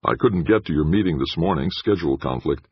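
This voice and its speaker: A man's voice: rumbling low, expressive, fairly quick, breathy edge, dry recording, lo-fi sound, exaggerated voice. A man voicing a slick, breezy male PR director who talks in a glib, joking way.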